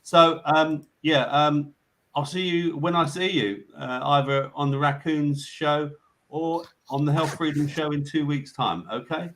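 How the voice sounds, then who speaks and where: A man hosting a live online show, talking casually and haltingly with lots of fillers as he signs off. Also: a little high, steady tone, a bit bright. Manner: rambling, halting, many fillers and restarts. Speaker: show host. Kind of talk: casual live-stream sign-off chat.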